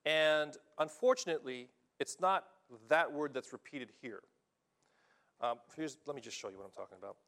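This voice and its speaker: Male pastor, emphatic preacher, slightly high voice, keeps asking the congregation "okay?". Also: moderate pace, vocal fry. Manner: animated, emphatic, checks in with listeners. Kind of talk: sermon. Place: church in Japan.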